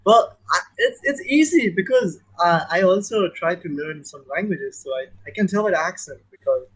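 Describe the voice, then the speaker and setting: A man with an Indian accent, part American, talking in a casual podcast chat, animated and given to repeating words for emphasis. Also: high-pitched, moderate pace, slightly rough, rough recording. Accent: Indian, mixed with American.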